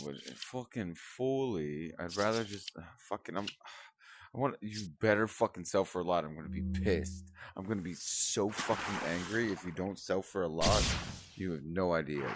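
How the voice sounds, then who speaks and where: Over some background noise, a young gaming streamer with a low-pitched voice offers casual commentary on his gameplay. He's frustrated and profane, cursing frequently and muttering complaints directly at the game.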